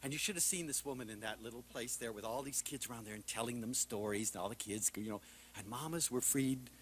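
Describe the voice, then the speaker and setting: A man giving a passionate public talk, telling lively stories and swinging from loud outbursts to hushed asides. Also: mid-range voice, quick pace, breathy edge. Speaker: lecturer.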